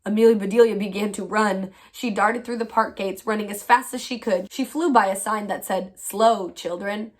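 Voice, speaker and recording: A woman teacher reading a children's chapter book aloud in a clear, expressive storytelling voice. Her pitch sits in the middle range for a woman, and her delivery is steady and easy to follow. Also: a little fast, hardly any pauses.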